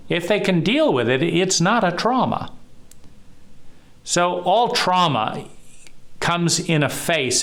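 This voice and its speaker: Slow, measured man talking. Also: mid-range voice, a bit bright. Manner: slow, measured, pausing often. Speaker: trauma educator. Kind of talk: reflective solo talk.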